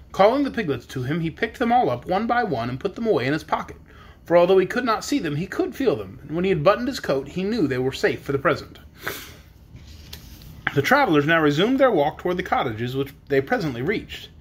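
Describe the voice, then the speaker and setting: A man narrating a children's storybook in a measured, expressive way. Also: high voice, breathy edge. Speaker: audiobook narrator.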